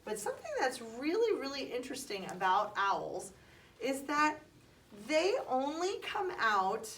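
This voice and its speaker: A woman's voice: high voice, big pitch swings, a little slow, fairly bright tone. A woman teaching young children, patient and encouraging, asking questions and calling on them by name. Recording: distant mic, faint background noise.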